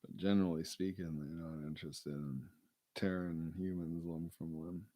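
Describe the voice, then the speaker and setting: A man's voice: low voice, little pitch movement, moderate pace, dark tone, no room sound. A man in casual, meandering chat, joking and swearing with lots of fillers.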